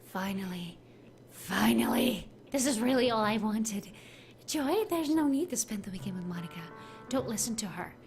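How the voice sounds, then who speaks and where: Brief: woman reading a lovesick, obsessive girl; hushed, intense, slightly high voice. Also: animated, moderate pace, gravelly, soft background music. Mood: hushed longing. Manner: soft, hushed, intense confession. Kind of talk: reading game dialogue aloud.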